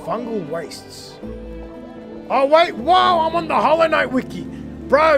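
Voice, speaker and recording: A young man streaming a game, chatting casually and rambling, often getting worked up and loud. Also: very high-pitched, very animated, slow, pauses often. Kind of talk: casual livestream gaming chat. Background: game music.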